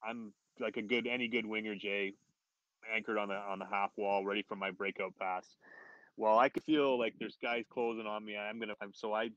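A man, a former hockey player, telling an anecdote in casual chat as a podcast guest, animated and laughing often. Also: lowish voice, moderate pace, dry recording, highs cut off. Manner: animated, laughs often, quotes others in raised voices. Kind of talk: casual storytelling.

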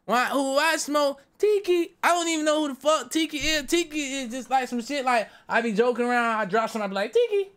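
High bright profane young man rambling. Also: fairly even intonation, quick pace, few pauses, clear, resonant tone. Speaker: streamer reacting to videos. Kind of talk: casual reaction commentary.

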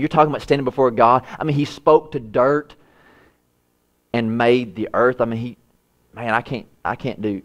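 A man preaching a sermon, voice rising high when he acts out prayers and dropping low and soft for quiet lines. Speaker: pastor.

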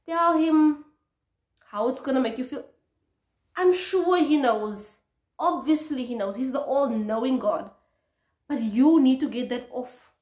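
A young woman talks in a casual, earnest devotional style, her voice sitting a little high for a woman. She doubles back and repeats words as she speaks. The room around her gives the voice a noticeable echo. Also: a little slow, pauses often, a little mellow. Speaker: faith vlogger. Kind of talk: casual spoken devotional talk. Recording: roomy echo.

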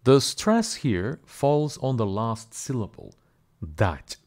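A man teaching pronunciation in a scripted lesson, drawing out each example word slowly and deliberately. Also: mid-range voice, sing-song, a little mellow. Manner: slow, deliberate, drawn-out example words.

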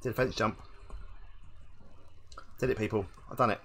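A man's voice: lowish voice, steady tone, moderate pace, fairly bright tone, slight background noise. A man commenting live on his own gameplay, talking to his chat and grumbling at his mistakes. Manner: exasperated self-talk, addressing chat as people. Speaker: gaming streamer.

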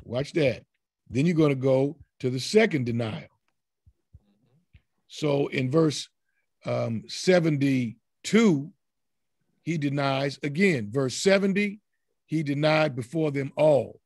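A man with a Southern US accent leading a Bible study, teaching in an animated way and acting out the voices in the scripture. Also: mid-range voice, slow pace, pauses often, dry recording, clean studio sound.

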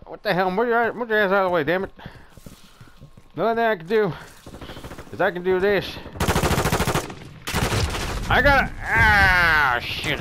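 A man's voice: high voice, sharp tone, a little hiss or hum. A man playing an online shooter, joking crudely and swearing as he plays. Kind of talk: casual gameplay banter. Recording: gunfire game audio under voice.

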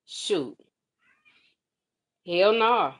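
Woman, mother, comedic vlog rant, sassy, exasperated, animated, big pitch swings. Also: extremely slow. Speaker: mother of a kindergartner. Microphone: phone or webcam vlog.

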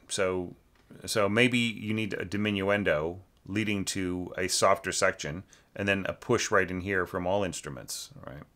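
Giving feedback on a student's orchestral score, this orchestration teacher rambles with fillers, keeps asking "right?", and sings the parts out loud. The male voice is low, pushed, and bright.

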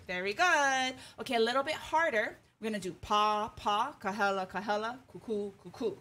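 A woman leads an online hula class, counting the beats aloud and chanting cues. She explains each move in a friendly, joking way. Her voice sits fairly high. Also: moderate pace, few pauses, over loud music. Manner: friendly, explains with small jokes and laughs. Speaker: hula teacher. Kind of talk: online dance lesson.

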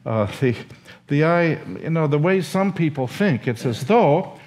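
An older man, a seminary professor, telling a story and lecturing in an animated, emotional way with acted quotes. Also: fairly high pitch, a little slow.

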